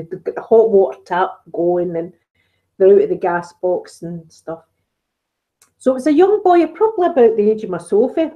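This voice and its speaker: A woman's voice: medium pitch, dark tone, low-quality recording. A middle-aged woman with a Scottish accent, hosting a casual live-stream chat on her ASMR channel and telling stories with frequent laughs. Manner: chatty storytelling, frequent laughs.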